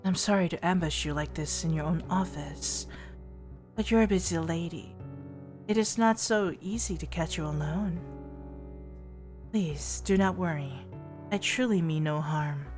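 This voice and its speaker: A woman voicing a calm, mysterious adult witch while reading a visual novel aloud, soft and formal. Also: on the low side, unhurried, pauses often, faint music behind, close to an everyday voice. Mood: cool.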